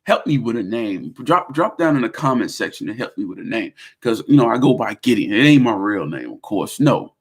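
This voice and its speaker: A man with a gravelly voice tells his story in a relaxed vlog chat. He talks with lively slang and animated turns. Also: fairly low pitch, fairly quick, few pauses. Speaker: vlogger. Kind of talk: casual vlog talk.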